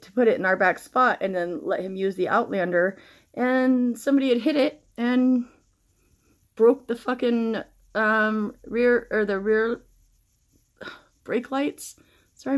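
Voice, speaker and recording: A middle-aged woman chatting casually through a makeup tutorial, rambling and swearing freely while shaken and stressed. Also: medium pitch. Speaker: makeup vlogger.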